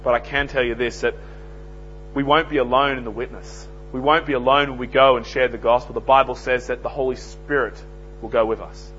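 A man preaching a sermon, swinging from loud emphasis to hushed lines. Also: medium pitch, fairly even intonation, fairly quick, soft background music. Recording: dull lo-fi recording with faint mains hum.

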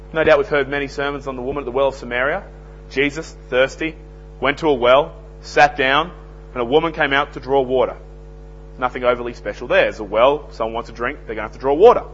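On a dull lo-fi recording with a faint hum, a young Australian man earnestly delivers an evangelistic sermon. His voice runs on the high side with a fairly bright tone, and he tells plain-spoken anecdotes.

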